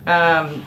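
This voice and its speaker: A middle-aged woman who works as a dog groomer and chats casually while she works. She is dry and sarcastic, laughs often, and gently scolds the dog on the table. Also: lowish voice. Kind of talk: casual chat while working. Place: grooming salon indoors. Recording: echoey room with clipper noise. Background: electric clippers buzzing.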